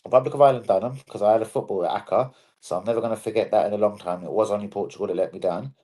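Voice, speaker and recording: A man's voice: fairly low pitch, rapid-fire, warm tone. A man hosting a live football stream, chatting casually, bluntly and with a lot of swearing.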